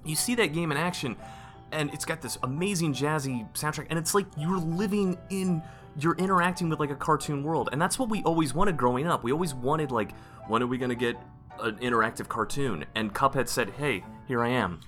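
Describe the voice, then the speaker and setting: A man co-hosting a podcast in casual chat, excitable and rambling, restarting his sentences often. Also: a little high, brisk, soft background music. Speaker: podcast co-host.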